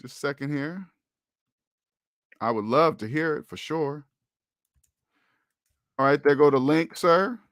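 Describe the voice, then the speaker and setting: A man with a somewhat high voice talks straight to his viewers on a casual livestream. He lectures with emphatic, preachy repetition. The sound is close and dry, with no room around it. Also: lively intonation, a little slow, pauses often, fairly bright tone, no echo. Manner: emphatic and preachy, repeats phrases, addresses viewers directly. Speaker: host of a personal finance livestream.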